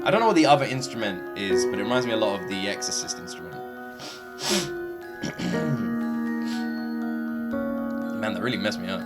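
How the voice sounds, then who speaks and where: A man hosting a music reaction, talking casually and effusively, rambling with halting restarts and some swearing. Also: on the low side, big pitch swings. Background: game soundtrack playing faintly.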